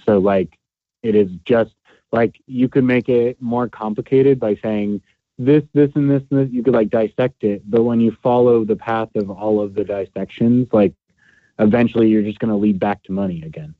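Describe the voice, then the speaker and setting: A man's voice: lowish voice, moderate pace, dry recording, phone-quality sound. A man in a casual conversation, explaining his views plainly with frequent fillers.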